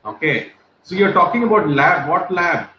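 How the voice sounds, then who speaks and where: A man's voice: on the high side, big pitch swings, normal speed, roomy sound, highs cut off, slight background noise. A man leading a casual group chat, talkative, repeating himself and using many fillers. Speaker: English class host.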